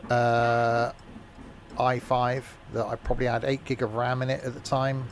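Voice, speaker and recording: A man streaming a driving game, chatting casually and rambling along with dry, dark humour. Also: medium pitch, monotone, unhurried, slight background noise. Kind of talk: casual gameplay commentary.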